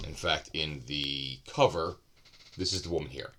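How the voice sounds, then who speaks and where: A man's voice: very deep voice, moderate pace, fairly bright tone. A man giving a casual, unscripted book review, loose and rambling with asides and self-corrections.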